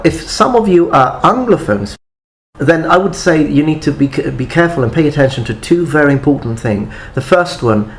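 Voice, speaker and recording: Guy doing a pronunciation lesson, mid pitch voice, slow careful explaining. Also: slight background noise. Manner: careful, deliberate pronunciation drills. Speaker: language tutor. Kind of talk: YouTube language lesson.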